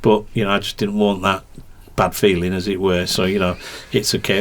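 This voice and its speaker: A man's voice: low-pitched, fairly even intonation, quick pace, hardly any pauses. A man, a motorcycle racing commentator, telling rambling anecdotes in a podcast interview with many restarts and a ready laugh.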